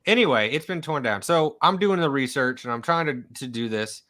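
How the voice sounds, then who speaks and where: Man telling a story, bright forceful voice. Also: mid-range voice, brisk. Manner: animated storyteller, acts out quoted voices, swears freely. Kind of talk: casual storytelling chat.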